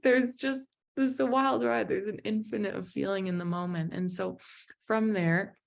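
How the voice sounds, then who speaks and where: A woman giving a motivational talk to a group at an evening presentation, telling a personal story in an emotive, animated way. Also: medium pitch, normal speed, gravelly. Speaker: motivational speaker and business founder.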